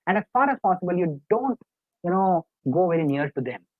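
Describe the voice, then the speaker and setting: A man's voice: sits high, expressive, a little fast, dry recording. A middle-aged man, a life coach giving a live webinar lecture in an earnest, coaxing, repetitive way. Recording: dry, tinny phone-like online call audio.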